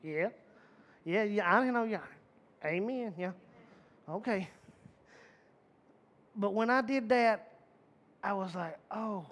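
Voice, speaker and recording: A man with a high-pitched, somewhat bright voice delivers a casual, folksy sermon in a conversational style. He speaks slowly and emphatically, pausing often, repeating key phrases for effect and frequently restarting sentences.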